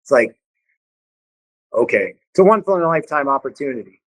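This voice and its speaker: A man from Cleveland telling stories as a podcast guest, animated and acting out what other people said in quick little voices. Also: medium pitch, no echo, poor audio. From Cleveland, Ohio. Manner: animated, acts out quoted voices, swears casually. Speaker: podcast guest, band vocalist. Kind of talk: casual storytelling in conversation.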